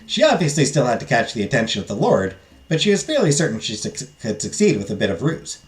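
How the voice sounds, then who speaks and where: Expressive visual novel reader. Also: mid-range voice, quick pace. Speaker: let's play host. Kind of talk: reading a visual novel aloud.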